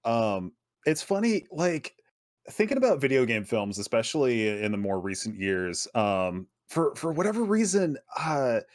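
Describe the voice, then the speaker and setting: A man's voice: medium pitch, big pitch swings, normal speed, dry recording. A man co-hosting a casual podcast chat, laid-back, with short replies and dry asides. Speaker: podcast co-host.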